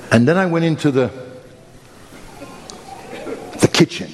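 A middle-aged male pastor preaching a sermon, telling a funny story in an animated, self-mocking way with sudden emphatic rises. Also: mid-range voice, a little slow, long pauses. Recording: long hall reverb, faint background noise.

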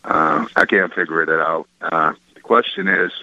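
A man from Michigan calling into a radio show with a question, speaking hesitantly with many pauses and restarts. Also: rumbling low, steady tone, pushed and bright, dry recording. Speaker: caller. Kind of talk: phoning in a question. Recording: muffled lo-fi phone line.

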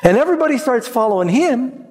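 A man preaching a sermon in an animated, conversational way, jumping up in pitch for emphasis. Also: fast talker, long reverb tail.

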